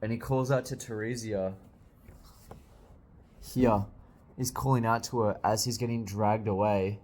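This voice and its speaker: A young man reading a manga aloud and reacting, excitable, swearing often and bursting into loud exclamations. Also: lowish voice, unhurried. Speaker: manga reviewer.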